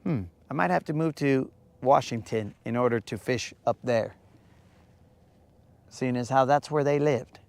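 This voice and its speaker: Guy hosting a live fishing stream on a lake at night, slow easygoing talk, teasing his viewers. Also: mid-range voice, creaky, a little mellow, no echo. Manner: joking, rambling, teasing viewers.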